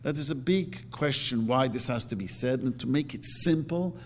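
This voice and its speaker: A man's voice: medium pitch, moderate pace, slight background noise. A man teaching a religious lecture, emphatic, repeating his words and acting out quotes. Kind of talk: Torah lecture. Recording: long hall reverb.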